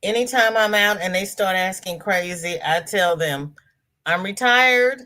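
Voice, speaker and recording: A woman's voice: mid-range voice, measured pace, noisy background. A woman hosting a casual crochet livestream from her laptop. She greets viewers by name, reads their comments aloud and calls them girl, honey and darling.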